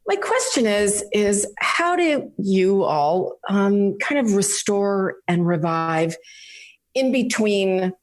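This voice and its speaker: A woman's voice: mid-range voice, expressive. A woman calling in to a podcast Q&A, searching for words with many "you know"s. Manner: halting, lots of "you know" and "kind of". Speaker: caller asking a question. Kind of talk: casual call-in question.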